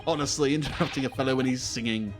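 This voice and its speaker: A man voicing a theatrical, self-assured British detective, reading with a grand, drawn-out delivery over game music. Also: mid-range voice, voice pushed up, natural voice. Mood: grandiose.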